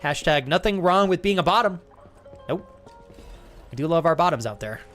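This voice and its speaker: Guy streaming a game, swears a lot, goofs around w chat, kinda high voice. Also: animated, normal speed, a bit bright, faint music behind. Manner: crude, joking, reads chat thanks aloud. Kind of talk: live gaming stream banter.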